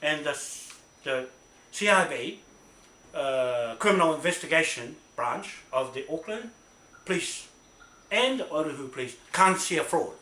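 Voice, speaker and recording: A man's voice: a little high, expressive, measured pace, pushed and bright. A man ranting into his own camera, swearing, repeating himself and tagging his points with "right?". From New Zealand. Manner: angry, profane, repetitive, keeps asking "right?". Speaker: self-recorded complainant. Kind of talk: ranting self-made video. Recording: echoey room with faint noise.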